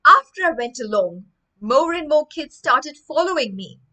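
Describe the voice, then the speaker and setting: A woman's voice: high-pitched, sing-song, moderate pace, pushed and bright, voice pushed up, full character voice. A woman reading aloud as a boy telling his own embarrassing story in storybook style. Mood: storytelling. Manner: storybook first-person narration.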